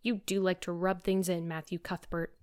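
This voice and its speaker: A woman's voice: on the low side, level tone, normal speed, a little mellow, clean tone, no room sound, clean studio sound, close to an everyday voice. A woman reading a stern, tart elderly woman. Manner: curt and tart.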